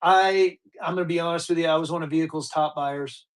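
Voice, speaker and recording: Casting: fifty-something man, live auction seller, rambling and chatty, slightly high voice. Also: fairly even intonation, a little fast. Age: 50s. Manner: rambling, chatty, with many restarts and fillers. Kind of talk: casual live-stream chat.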